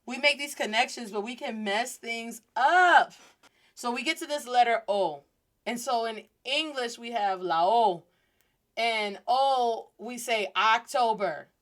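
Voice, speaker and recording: A woman in her thirties hosting a casual podcast lesson, chatty and lively, switching into Spanish phrases as she teaches. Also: a little high, measured pace.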